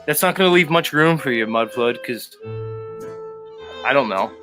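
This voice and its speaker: A man's voice: medium pitch, expressive, moderate pace. A man hosting a livestream in casual chat, laughing often, swearing and teasing his viewers. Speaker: livestream host. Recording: guitar music playing behind. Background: guitar music.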